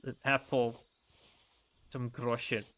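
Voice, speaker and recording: A man's voice: mid-range voice, flat delivery, slow, a bit bright. A man giving casual let's-play commentary while playing a story game, rambling with frequent chuckles and restarts.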